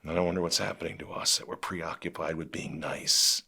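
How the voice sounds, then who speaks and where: A middle-aged man hosting a show, delivering impassioned commentary that swings from quiet intensity to loud outrage. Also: sits low, fairly even intonation, a little fast, creaky, slightly rough. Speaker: show host.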